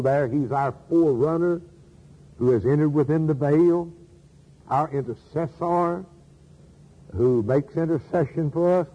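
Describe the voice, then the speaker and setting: A man's voice: medium pitch, dark tone, slightly rough, big-room sound, lo-fi sound. A man preaching a sermon in an earnest manner, asking rhetorical questions and repeating key phrases.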